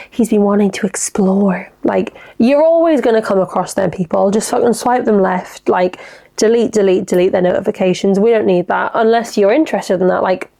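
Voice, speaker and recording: A woman hosting a podcast offers advice in a casual, chatty, enthusiastic way, swearing freely. Her voice is mid-range, gravelly and darkish in tone.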